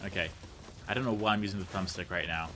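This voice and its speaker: A man's voice: low-pitched, steady tone, quick pace, pushed and bright, slight background noise. Rambling man doing game commentary. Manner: rambling, chatty, goes off on tangents; self-deprecating, jokey asides. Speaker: let's play commentator. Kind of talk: casual gameplay commentary.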